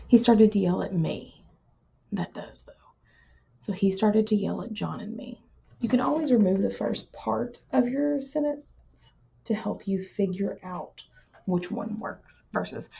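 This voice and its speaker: A woman with a husky, breathy voice and a gravelly edge explains grammar to her writing students, patient and plain-spoken. Her tone is mellow and dark, and she stretches out words she wants to stress. The recording sounds dull and lo-fi. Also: mid-range voice. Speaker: writing teacher. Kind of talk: recorded classroom lesson.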